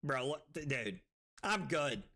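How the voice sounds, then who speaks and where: A man streaming a card game, tipsy and rowdy, swearing, laughing and shouting with excitement. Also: medium pitch, unhurried. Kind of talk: rowdy drunk livestream chat.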